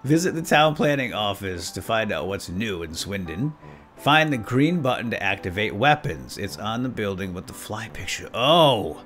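A man hosting a let's play, giving silly role-play commentary in an excitable, giggly way. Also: lowish voice, normal speed, faint music behind.

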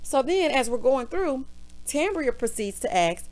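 Woman, recap host, sassy and animated, highish voice. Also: measured pace. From Southern US. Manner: sassy, calls everyone honey and girl. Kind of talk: casual recap rant.

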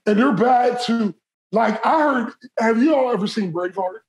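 A podcast co-host in casual chat, talking in an animated way with many restarts. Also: mid-range voice, normal speed, poor audio.

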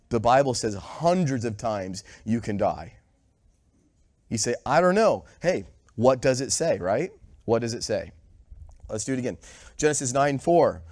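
A man's voice: mid-range voice, darkish tone, dry recording, clean studio sound. A man giving a conversational sermon with a cold, quizzing the congregation and sometimes short of breath. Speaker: pastor. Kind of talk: sermon with audience questions. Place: church sanctuary.

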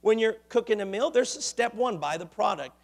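A pastor delivering a sermon in a church, animated, rising to loud exclamations. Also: male voice, high-pitched, normal speed, gravelly. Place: church sanctuary.

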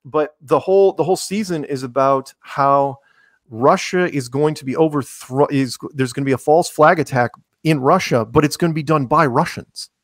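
A man's voice: fairly high pitch, normal speed, no echo, clean studio sound. A man talking casually as a podcast guest, rambling with many restarts and sarcastic asides. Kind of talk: casual conversational interview.

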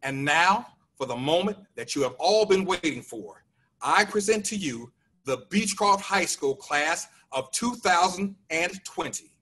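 Guy reading the formal certification at graduation, bright husky voice, kinda far from the mic. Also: fairly high pitch, animated, a little slow. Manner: formal, reads a prepared script. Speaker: ceremony presenter. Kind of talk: formal announcement.

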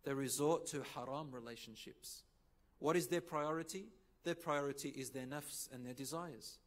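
A man delivering a sermon in English with Arabic phrases mixed in, telling stories and acting out the dialogue with sudden loud rises. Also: medium pitch, moderate pace. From Lebanon. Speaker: preacher. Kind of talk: sermon with storytelling.

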